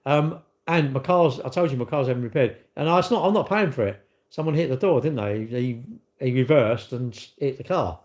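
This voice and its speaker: A man's voice: mid-range voice, a little fast, darkish tone. A man hosting a casual live stream, rambling and blunt as he reads out viewer comments and laughs often.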